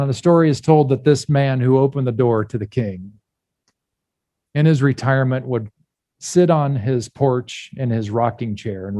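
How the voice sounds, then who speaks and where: A man's voice: medium pitch, warm tone, no room sound. Candid man preaching a sermon. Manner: candid, halting, with pauses and restarts. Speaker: pastor. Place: church.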